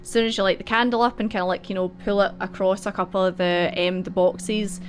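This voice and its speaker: A woman's voice: medium pitch, fairly even intonation, fairly quick. A woman narrating as game master in a casual, giggly way, searching for words with many ums. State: hiccups.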